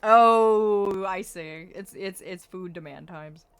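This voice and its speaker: A woman's voice: mid-range voice, slow, smooth, no room sound. A woman streaming a game, chatting casually and theorizing in a playfully dramatic way.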